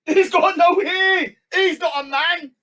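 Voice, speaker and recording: A man runs a live stream in a high, mocking voice. He rants, jumping from loud shouts to low mutters as he goes. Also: slow. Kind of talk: ranting live-stream commentary.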